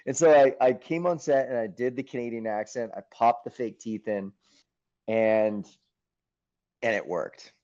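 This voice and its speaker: A man being interviewed as an actor, telling stories in a lively, casual way, acting out his own thoughts and swearing now and then. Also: medium pitch, a little slow. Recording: muffled, dull sound.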